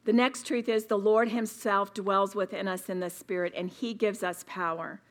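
A woman's voice: medium pitch, steady tone, normal speed. A woman speaking at a women's retreat, preaching emphatically and repeating words for stress. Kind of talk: sermon.

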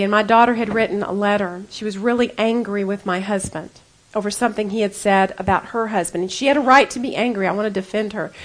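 A woman, preaching to a women's gathering, swinging from loud emphatic urging to soft confiding. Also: on the high side, low-quality recording. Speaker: women's ministry speaker.

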